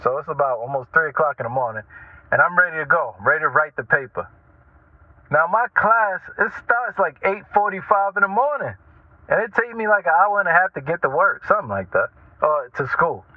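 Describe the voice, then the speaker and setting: A man telling casual stories as a radio talk host, animated and chatty, often checking in with the listener. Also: fairly high pitch, a little fast, no room sound. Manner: animated, chatty, keeps asking "right?". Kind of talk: casual storytelling monologue. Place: lives in Norfolk, Virginia. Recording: tinny phone-like line, dry.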